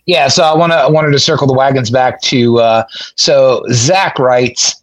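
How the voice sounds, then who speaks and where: A man co-hosting a casual podcast discussion, talking in a measured, reflective way. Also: mid-range voice, no echo, poor audio. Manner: measured, reflective, often checking in with "right?". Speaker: podcast co-host.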